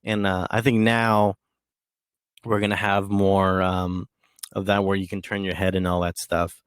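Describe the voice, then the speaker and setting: A man's voice: deep voice, level tone, unhurried, smooth, dry recording, clean studio sound. A man hosting a podcast alone, talking casually in a rambling way with many fillers and restarts. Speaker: podcast host. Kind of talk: casual solo monologue.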